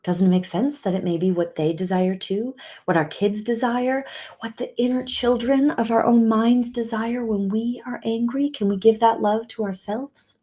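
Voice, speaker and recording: The speaker is a middle-aged woman relationship coach whose slightly high voice holds a steady tone at normal speed. Her motivational talk is earnest and quiet, dipping into whispers and rising into emphatic bursts.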